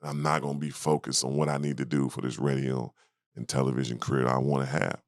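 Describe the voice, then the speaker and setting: A man's voice: very deep voice, quick pace, no echo, clean studio sound. A man in his fifties, a former basketball player, telling stories in a casual interview and acting out the people in them. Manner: animated storyteller who acts out the people in his story.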